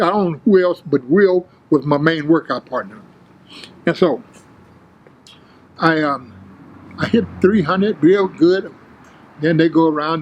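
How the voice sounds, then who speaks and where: An older man, a former bodybuilder, telling his story in a casual interview, animated and full of street slang, acting out the quotes. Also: fairly high pitch, lo-fi sound.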